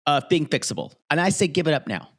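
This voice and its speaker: A man's voice: lively intonation, fast. A man in his forties co-hosting a podcast in casual chat, joking with a sarcastic edge. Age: 40s. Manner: sarcastic, joking, swings pitch a lot. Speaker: podcast co-host.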